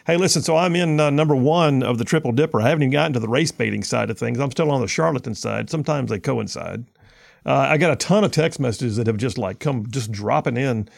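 A man hosts a political talk radio show with a gravelly, fry-laced voice. He reads news aloud and then breaks off into sarcastic, combative asides. His pitch sits in a middling register for a man. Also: fast talker.

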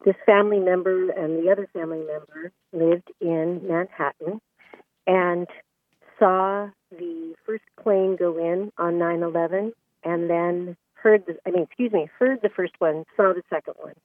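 A woman's voice: lowish voice, steady tone, measured pace, no echo. A woman calling in to a radio talk show, telling an earnest, emotional story. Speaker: caller. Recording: tinny phone line, dry.

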